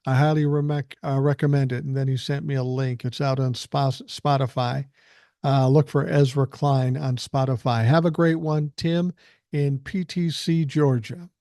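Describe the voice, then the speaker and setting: An older man hosts his own podcast, delivering a blunt, angry rant thick with profanity. His voice is dark and mellow. The sound is dry and close, with no room around it. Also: mid-range voice, steady tone, measured pace, no echo. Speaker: podcast host reading listener emails.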